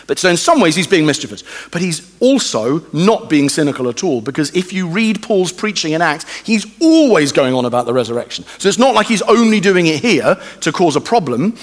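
A man preaching a sermon in a conversational, animated way, often acting out the voices he quotes. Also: fairly high pitch, fairly quick, few pauses, in a large hall. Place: church.

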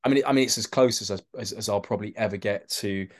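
A man with a London accent, an actor telling animated anecdotes in a podcast interview, often restarting his sentences and acting out the voices of the people in his stories. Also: fairly low pitch, fast talker. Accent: London English. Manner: animated storyteller, acts out quoted voices, many restarts. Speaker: actor guest.

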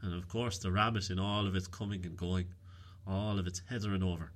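A man voicing a shrewd, unflappable countrywoman who tells tall tales in a calm, matter-of-fact way. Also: deep voice, fairly quick. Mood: tall-tale telling.

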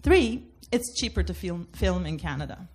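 A woman's voice: fairly low pitch, expressive, moderate pace, darkish tone, slight background noise. A woman from Turkey doing a comedic debate bit, laughing through her jokes.

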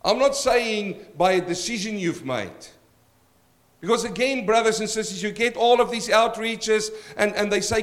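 A man's voice: high-pitched, expressive, moderate pace. A man preaching a verse-by-verse sermon as pastor, emphatic and direct, addressing his congregation.

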